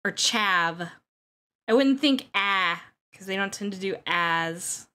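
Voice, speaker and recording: A woman's voice: mid-range voice, expressive, measured pace, a bit bright. A woman streaming a game live, chatting casually, joking, laughing often and explaining things at length. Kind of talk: casual chat while playing a game live.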